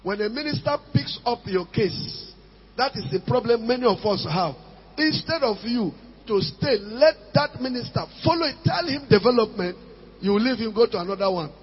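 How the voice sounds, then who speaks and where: Emphatic pastor in a hall. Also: male voice, very high-pitched, lively intonation, moderate pace, husky. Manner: emphatic, repeats phrases, pidgin asides. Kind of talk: sermon. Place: church hall. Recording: dull sound with long hall reverb.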